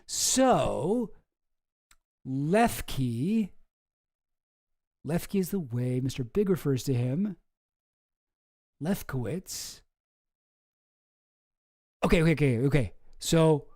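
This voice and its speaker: A man hosting a casual stream, reading documents aloud and thinking out loud with many restarts. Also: on the high side. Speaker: streamer host.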